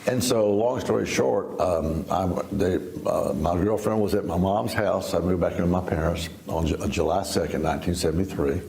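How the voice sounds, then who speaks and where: A man in his seventies from Texas tells a personal story in a sit-down interview. His voice is very deep and gravelly, and he speaks in a folksy way, with laughs and restarts as he acts out old conversations. The sound is roomy. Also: normal speed, few pauses, darkish tone. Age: 70s. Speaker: interview guest.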